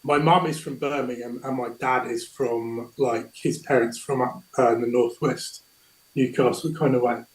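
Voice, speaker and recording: A man from South East England talks casually on a livestream, a little hesitant, restarting and repeating himself. His mid-pitched voice sits in a roomy echo from a video-call mic. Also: fairly even intonation, normal speed. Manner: rambling, hesitant, with repeated words. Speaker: guest on a livestream. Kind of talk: casual chat.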